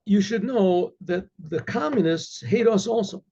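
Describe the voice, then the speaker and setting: A man doing a gruff, shrewd old Cossack. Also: sits high, measured pace, mellow, highs cut off, full character voice. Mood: persuasive. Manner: scolding, persuasive.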